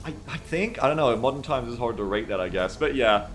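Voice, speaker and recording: A man's voice: medium pitch, animated, fast. A man streaming live and chatting casually. He reads chat aloud, rambles, and swears freely.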